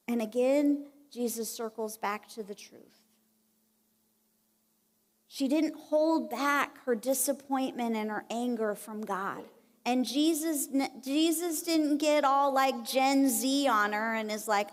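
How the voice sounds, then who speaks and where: A woman giving a conversational, animated sermon at a church women's conference and acting out the lines she quotes. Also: sits high, takes it slowly. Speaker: conference speaker. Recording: long reverb of a church hall.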